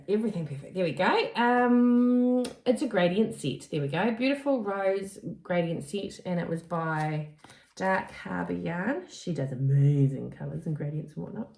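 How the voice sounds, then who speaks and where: A woman's voice: medium pitch, darkish tone, reverberant. A woman co-hosting a crafting podcast in casual chat, giggly and a little hesitant. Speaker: podcast co-host.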